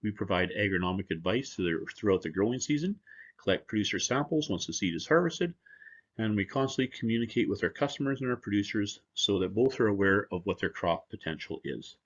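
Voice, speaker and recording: A man's voice: on the low side, lively intonation, fairly quick, lo-fi sound. A man presenting at a seminar as a seed company representative, talking in a conversational, joking way. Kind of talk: conference presentation.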